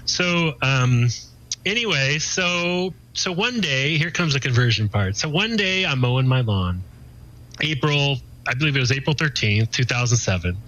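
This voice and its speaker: A man's voice: medium pitch, animated, normal speed, pushed and bright, dull audio. A man in his forties, a guest telling his personal faith testimony in casual, earnest talk, full of "you know" and restarts.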